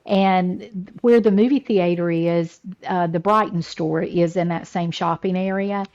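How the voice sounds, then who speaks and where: A woman's voice: fairly low pitch, steady tone, measured pace, darkish tone. Chatty laughing woman, lo-fi sound. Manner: chatty storyteller, laughs often, repeats words. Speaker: podcast co-host. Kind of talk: casual chat.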